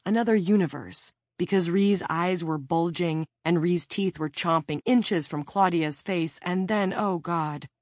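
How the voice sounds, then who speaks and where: Low-voiced woman audiobook narrator. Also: dry recording, clean studio sound. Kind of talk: scripted narration.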